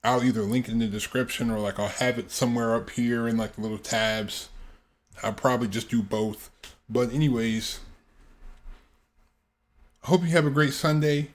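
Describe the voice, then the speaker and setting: A man's voice: mid-range voice, steady tone, normal speed, pauses often. A man hosting a YouTube reaction video, chatting in a laid-back, casual way. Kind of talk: casual vlog intro.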